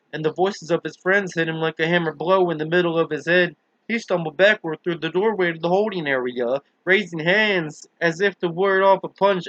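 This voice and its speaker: A man narrates a thriller in a steady, earnest audiobook reading. His voice sits fairly high and sounds bright and forceful. The recording is dull and lo-fi with no room echo. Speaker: audiobook reader.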